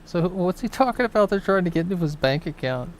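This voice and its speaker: A man's voice: high voice, lively intonation, fast, slight background noise. A man hosting a reaction stream, making dry, mocking asides over a clip. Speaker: commentary host reacting to a clip. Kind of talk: sarcastic reaction commentary.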